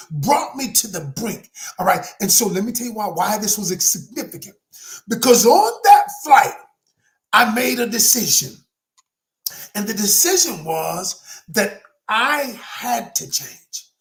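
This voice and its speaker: Male relationship coach, animated and emphatic, motivational storyteller. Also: extremely high pitch, measured pace, gravelly. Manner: emphatic, dramatic storyteller who addresses the audience directly. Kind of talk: motivational talk with personal story.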